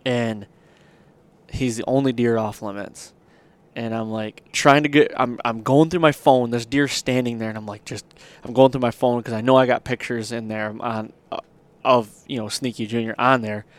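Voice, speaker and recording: A man's voice: medium pitch, steady tone, normal speed. A man hosting a podcast, telling a long hunting story in a rambling, casual way with lots of fillers. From Michigan. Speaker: podcast host.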